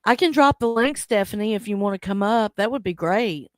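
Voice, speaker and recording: Speaking a bit quickly at a medium pitch, a woman hosts a relaxed stream where she reads viewer comments aloud, teases people and often bursts out laughing. The audio is clean studio sound without any room tone.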